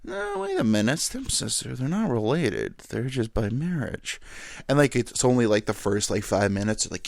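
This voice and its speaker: A man talks loosely through a solo home podcast, wandering from thought to thought and packing his speech with filler words and crude asides. His pitch swings widely up and down as he goes. The sound is dry and close, with no room echo. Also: wildly swooping pitch, moderate pace, creaky. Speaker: podcast host. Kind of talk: casual solo podcast monologue.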